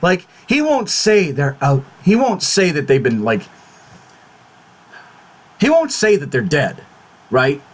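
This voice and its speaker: Agitated man ranting in a lively voice. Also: fairly high pitch, takes it slowly, long pauses. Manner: swears a lot, repeats and restarts words in agitation; fretful, exclamatory. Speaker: YouTube channel host. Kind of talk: casual vlog talk.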